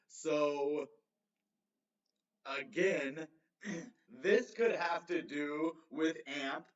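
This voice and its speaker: A man in a casual livestream, thinking out loud and tripping over his own words, laughing them off. His voice is mid-pitched and comes from some way off the mic. The room echoes, and the sound is slightly muffled. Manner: rambling, self-correcting, chuckles often. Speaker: crypto livestream host. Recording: roomy, distant, slightly dull mic.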